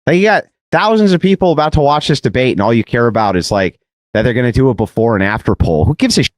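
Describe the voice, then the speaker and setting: A man telling a debate story in an animated, mocking way, mimicking his opponent's voice and laughing often. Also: medium pitch, quick pace, no room sound. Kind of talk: animated anecdote on a podcast clip.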